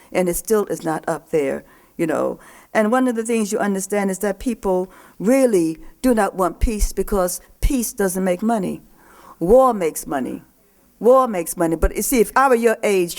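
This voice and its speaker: An older woman poet and professor speaks to a young audience at a festival. Her voice sits at a middling pitch for a woman, and her delivery is emphatic, driving points home by repeating them. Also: darkish tone. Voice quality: emphatic, repeats key phrases. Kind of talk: speech to young people. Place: live poetry festival event.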